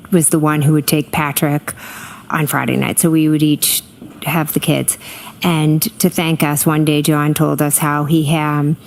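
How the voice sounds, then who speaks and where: A middle-aged woman gives courtroom testimony in a deep, gravelly voice. She hesitates often, filling gaps with ums, and keeps her answers short, with a faint hiss under her speech. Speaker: trial witness.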